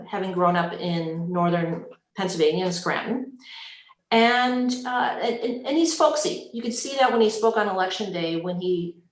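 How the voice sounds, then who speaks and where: A woman speaking as a panelist in a recorded panel discussion, earnest and measured, often restarting her sentences. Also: on the low side, echoey room, low-quality recording.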